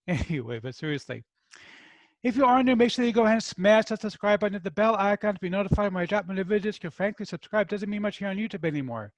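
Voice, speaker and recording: A man's voice: high-pitched, lively intonation, quick pace, no room sound. A man from New York hosting a review channel in casual, joking chat with his viewers, with no regional accent. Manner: jokey, chatty, talks to viewers. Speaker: product review host.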